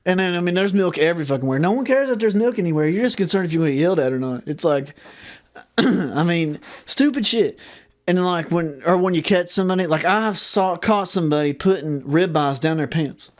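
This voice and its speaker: A woman guest in casual podcast chat, telling animated, profane stories and laughing often. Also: on the low side, a little fast.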